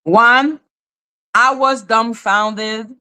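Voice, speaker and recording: A woman's voice: on the high side, fairly even intonation, very slow, pushed and bright, smooth. A woman hosting a commentary channel, ranting in exasperated, profane rhetorical questions, with a slightly non-native accent. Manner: says she speaks with a non-native accent. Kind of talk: ranting commentary on a court case.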